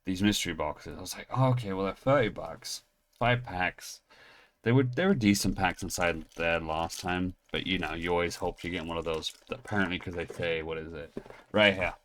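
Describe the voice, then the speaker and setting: A man's voice: sits low, brisk, fairly bright tone, slight background noise. A man hosting a card-opening video, talking in a chatty, rambling way with self-deprecating asides. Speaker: card-opening channel host. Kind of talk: casual chat while opening trading card packs.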